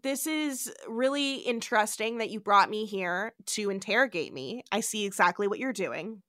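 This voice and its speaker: A woman's voice: mid-range voice, expressive, normal speed, fairly bright tone, no room sound, studio quality, natural voice. A woman casually voicing an arrogant male tyrant in her own everyday voice. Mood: smug. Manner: casual paraphrase, pompous.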